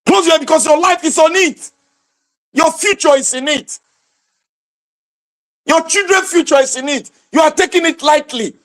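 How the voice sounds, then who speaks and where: A Nigerian man with a strikingly high-pitched voice, hosting a livestream and speaking straight to his viewers. He rants in a fervent, preachy way, breaking into loud shouts. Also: moderate pace, long pauses. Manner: impassioned, preachy ranting with shouted outbursts. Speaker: livestream host. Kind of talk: livestream commentary.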